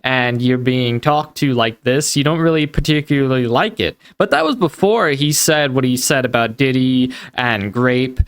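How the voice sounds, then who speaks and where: A man narrates his commentary with a smooth, clean voice. His tone is critical and incredulous. The sound is dry and close. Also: medium pitch, normal speed, few pauses, dry recording. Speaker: commentary video host. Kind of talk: online drama commentary.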